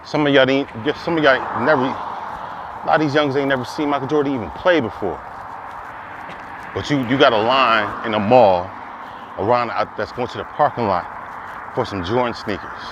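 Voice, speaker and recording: A man's voice: mid-range voice, normal speed, pauses often, lo-fi sound, noisy background. A man delivering an impassioned monologue, preaching with repeated rhetorical questions that climb to emphatic peaks. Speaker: commentator.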